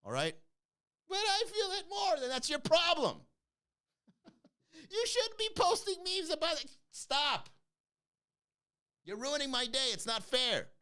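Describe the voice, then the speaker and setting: A man mocking an oversensitive social media complainer in a shrill, pleading voice. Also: huge pitch swings, measured pace, long pauses, pushed and bright, full character voice. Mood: whiny mocking.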